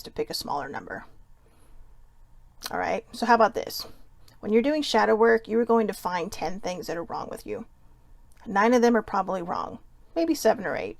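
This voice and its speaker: A woman's voice: mid-range voice, vocal fry, no echo. A woman hosting a casual self-help chat show, talking in a chatty, rambling way with whispered asides. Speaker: host.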